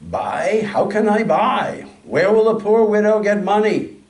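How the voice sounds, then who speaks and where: Man putting on a sick old widow, high pitched, whiny and scared, far from the mic. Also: lively intonation, moderate pace, darkish tone, reverberant. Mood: complaining. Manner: plaintive and complaining.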